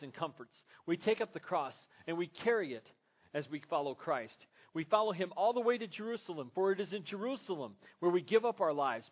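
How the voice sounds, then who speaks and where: A man's voice: on the high side, muffled recording. Earnest man preaching a sermon. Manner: earnest, rhetorical questions. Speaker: pastor.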